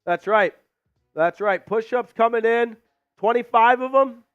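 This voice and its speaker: A man's voice: extremely high pitch, a little slow, smooth, no echo, lo-fi sound, faint music behind. A man hosting a live sports stream from a studio, out of breath after push-ups and hyping up the chat. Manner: hyped, shouting out chat names.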